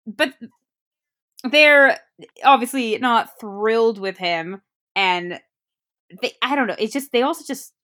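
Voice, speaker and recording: A woman's voice: a little high, slow pace, pauses often, sharp tone. A young adult woman chatting casually about a movie, rambling and searching for words mid-sentence. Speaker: podcast co-host. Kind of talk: casual movie review chat.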